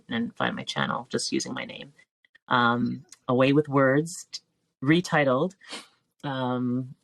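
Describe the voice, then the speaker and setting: A woman in her forties, a teacher and filmmaker, speaks as a guest on a reflective podcast interview. She's heartfelt and searching, often restarting her sentences, in a low-pitched voice with vocal fry and no echo.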